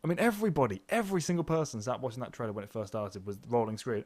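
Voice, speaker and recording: A man co-hosting a casual film review podcast, animated but hesitant, with many ums. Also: medium pitch, fast, no echo. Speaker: podcast co-host.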